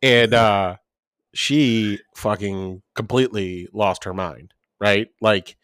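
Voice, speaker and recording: A man's voice: fairly low pitch, fairly even intonation, takes it slowly, a bit bright, clean tone, dry recording. Rambling, profane man telling stories. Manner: rambling, profane, full of "like" and quoted dialogue. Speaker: podcast co-host. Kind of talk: casual storytelling chat.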